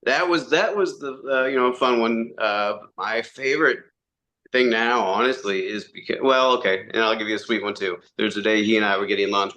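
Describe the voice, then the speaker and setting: A man, a podcast guest, telling animated stories in casual chat, acting out quotes and swearing freely. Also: lowish voice. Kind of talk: casual storytelling interview.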